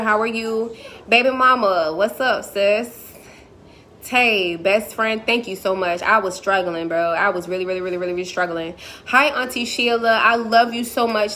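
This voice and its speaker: A woman's voice: mid-range voice, a bit bright, slight background noise. A woman motivational speaker on a live stream, talking emphatically and repetitively in a preacherly way.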